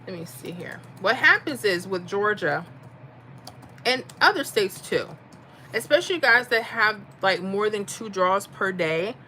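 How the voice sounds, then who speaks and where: A woman's voice: mid-range voice, expressive, a little slow, sharp tone, slight background noise. A middle-aged woman from Florida, chatting casually on a livestream and reading out viewer comments. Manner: chatty, reads comments aloud, folksy. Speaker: livestream host.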